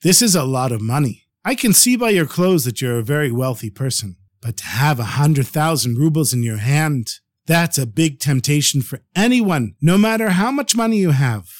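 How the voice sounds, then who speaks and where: A man voices a hotel owner overwhelmed with gratitude, his voice pitched high and exclaiming. The delivery is effusive, and the recording is dry and close. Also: no room sound, lightly acted. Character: overjoyed grateful middle-aged male hotel owner.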